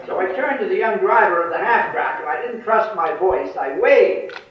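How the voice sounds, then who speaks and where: An older man with a high, animated voice gives an after-dinner speech at a foreign affairs forum, sharing wartime anecdotes with wry, dry humor at a moderate pace. The recording is distant, dull and echoey, as in a hall, with slight background noise.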